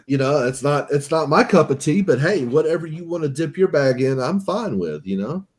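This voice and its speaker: Man, fairly high voice, profane, joking, casual storytelling. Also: moderate pace. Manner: crude, joking, profane, animated quoting of friends. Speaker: podcast co-host.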